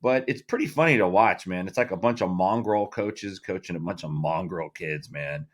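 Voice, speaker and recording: A man's voice: low voice, moderate pace. A middle-aged man co-hosting a podcast in loose, profane casual chat, full of fillers. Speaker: podcast co-host.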